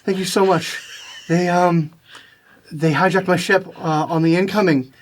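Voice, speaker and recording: A man's voice: high voice, fairly even intonation, measured pace, a little hiss or hum, voice pushed up. A man voicing a pleading woman starship adjuster who stammers through gritted teeth.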